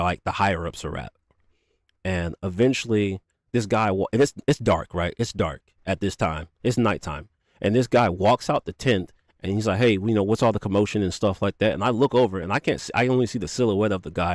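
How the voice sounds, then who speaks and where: A young man recounts a story in a loose, profane, animated way, slipping into quoted lines. His voice sits a little low. The sound is dry and close, with no room around it. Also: no room sound. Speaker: streamer telling a story. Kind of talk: casual storytelling.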